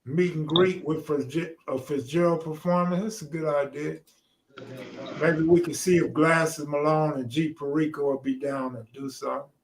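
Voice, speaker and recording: A man's voice: fairly high pitch, fairly even intonation, moderate pace, a little hiss or hum. A man hosting a live stream, talking loosely and laid-back with slang. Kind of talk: casual chat.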